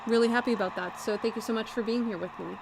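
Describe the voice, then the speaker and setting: A woman's voice: fairly high pitch, fairly even intonation, racing, creaky, background noise. A woman hosting a live stream, chatting casually with her viewers. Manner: chatty, talks to chat viewers. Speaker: livestream host.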